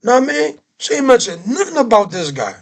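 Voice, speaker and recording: High pitched dude ranting on his reaction vid, aave, keeps asking rhetorical questions. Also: a little fast, creaky. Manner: animated, ranting, repeats himself, rhetorical questions. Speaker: reaction video host. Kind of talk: heated political reaction commentary.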